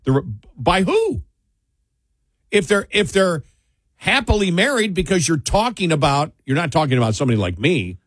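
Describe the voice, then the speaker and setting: A man's voice: a little high, sing-song, moderate pace, fairly bright tone, no room sound, studio quality. A man co-hosting a talk show, reading from a study and adding sardonic jokes. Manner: sardonic, joking.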